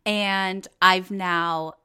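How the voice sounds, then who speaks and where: Woman, podcast host, hoarse voice, bright tense tone, slow, swears casually. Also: on the low side, fairly even intonation. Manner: chatty, joking, swears freely. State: hoarse, voice going in and out.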